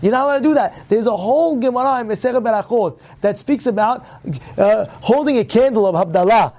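A man's voice: extremely high pitch, brisk, a little mellow. A man teaching a religious class to his congregation, emphatic, repeating himself and asking rhetorical questions.

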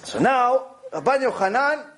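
A man with a high-pitched voice delivers a Torah lecture. He tells stories with animation and repeats key phrases to drive them home. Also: measured pace, a little hiss or hum. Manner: animated storytelling, with repetition for emphasis. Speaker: Torah teacher.

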